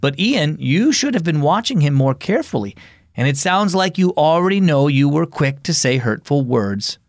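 A fair-minded father speaks calmly in a storybook tale, read by a man in his everyday voice. The delivery is even-handed, dry and close. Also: a little high, normal speed, no echo. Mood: firm.

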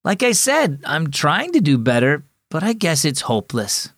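A man's voice: a little high, sing-song, normal speed, a bit bright, dry recording, studio quality. A man voicing a discouraged schoolboy who mutters and stammers in a raised voice. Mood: glum. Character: troubled schoolboy, glum and discouraged.

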